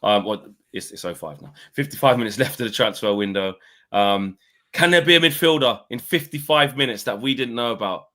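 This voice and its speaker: A young man co-hosting a casual football chat, relaxed and slangy. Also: medium pitch, fairly quick. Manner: laid-back, slangy and conversational. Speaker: co-host.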